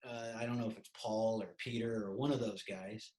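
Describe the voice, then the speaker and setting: A man's voice: lowish voice, steady tone, normal speed, a little mellow, low-quality recording. A man talking casually as a podcast guest on a call, rambling with restarts and turning playful when he jokes. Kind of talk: casual video call chat.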